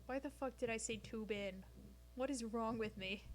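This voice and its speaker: A woman's voice: a little high, moderate pace, slight background noise. Profane rambling woman streamer. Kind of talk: casual live-stream chat. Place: home, sitting on the floor.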